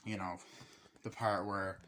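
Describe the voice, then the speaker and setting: A man with a fairly low voice talks through a film review in a loose, rambling way. He swears freely and keeps slipping into bits of acted-out dialogue. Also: flat delivery, slow pace, pushed and bright, slight background noise. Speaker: movie reviewer. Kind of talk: casual rambling movie review.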